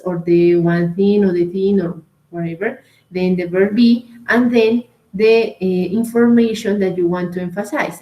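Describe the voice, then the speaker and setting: A woman's voice: mid-range voice, darkish tone. A woman with a Colombian Spanish accent leads an English grammar class and takes her time over each point. She keeps checking in with "right?" and "okay?" as she explains. Her voice has a noticeable echo, as if she is in a bare room. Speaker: English teacher. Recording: echoey room.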